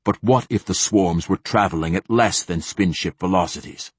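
A stubborn male senator, as a man puts him on with a deep, husky voice. He keeps pressing his questions, flat and hard. The sound is dry. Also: normal speed, no room sound.

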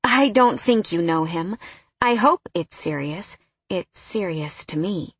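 A woman voicing a reserved, awkward young woman who answers in short, plain words, in a storybook read with a husky voice. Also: lowish voice, lively intonation, takes it slowly, no echo, exaggerated voice. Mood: reserved, terse. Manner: terse, plain-spoken.

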